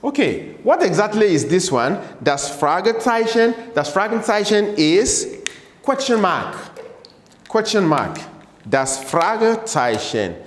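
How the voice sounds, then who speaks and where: A man teaching a German lesson in English, patiently repeating each word slowly for learners in a room with a board. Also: high-pitched, big pitch swings. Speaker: language teacher. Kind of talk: slow classroom-style German lesson explained in English. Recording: echoey room with long reverb.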